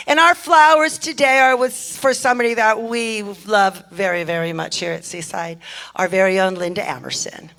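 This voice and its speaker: Holding a handheld mic during a church service, a woman speaks in a fairly bright, mid-range voice as she gives the announcements. Her emotion catches in her voice, and she gushes warmly, thanking people again and again.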